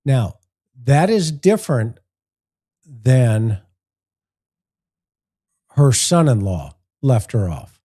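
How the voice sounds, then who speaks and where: A man's voice: medium pitch, very animated, extremely slow, pauses often, mellow, husky. A man, a former investigator hosting a show, giving plain-spoken commentary on press conference clips and walking through his points one by one. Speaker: host analyzing press conference footage. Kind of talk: commentary with acted-out anecdotes.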